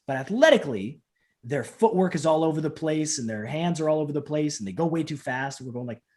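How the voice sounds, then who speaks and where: A man in his thirties, a professional wrestler and trainer, chatting in an interview from home over a video call and acting out quotes as he tells stories. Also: fast talker. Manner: animated storyteller acting out quotes with big pitch jumps. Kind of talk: casual interview chat.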